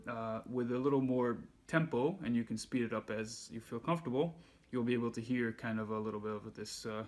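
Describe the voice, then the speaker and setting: A man giving a handpan lesson, calmly explaining and counting beats aloud. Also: medium pitch, a little fast. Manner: relaxed, patient explaining, counts beats aloud while playing. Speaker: handpan teacher. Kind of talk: music lesson instruction. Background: handpan music.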